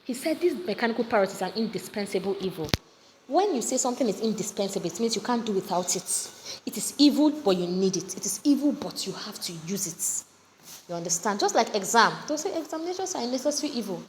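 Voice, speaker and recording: Talking fast in a mid-range voice, a Nigerian-accented woman walks students through a poem in a relaxed, animated recorded lesson, regularly asking them questions. Generators run near her home, leaving faint noise in the reverberant recording.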